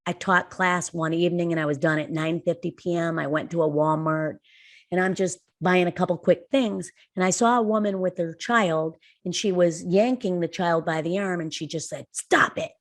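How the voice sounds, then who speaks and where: A middle-aged woman with a slightly low voice co-hosts a conversational podcast. She tells personal stories earnestly and leans hard on the key words. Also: moderate pace. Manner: earnest storyteller, emphatic rises. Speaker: podcast co-host.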